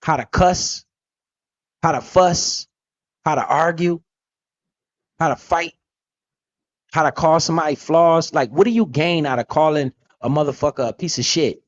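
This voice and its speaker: A man's voice: a little high, unhurried, pauses often, dull audio. A man hosting a casual, profane talk about investing, blunt and emphatic with lots of slang. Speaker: podcast host.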